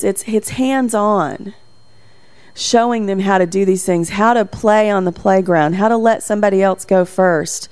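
A middle-aged woman gives a talk on parenting in a mid-pitched voice. She tells stories from home in a steady way. When she acts out what was said, her voice gets livelier. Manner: anecdotal, acts out quotes with livelier voice. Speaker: parenting speaker.

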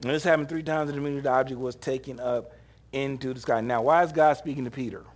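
A man's voice: medium pitch, fast talker. A man preaching a sermon, retelling scripture in a casual, humorous way and laughing often, with short acted-out quotes. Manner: animated, acts out short quoted lines.

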